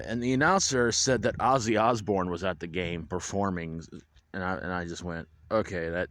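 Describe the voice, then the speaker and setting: A man's voice: sits low, fairly bright tone. A man casually recapping a football game for his viewers outdoors in the wind, chatty and full of restarts and wry asides. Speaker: vlogger recapping a high school football game. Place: outdoors at a stadium, windy.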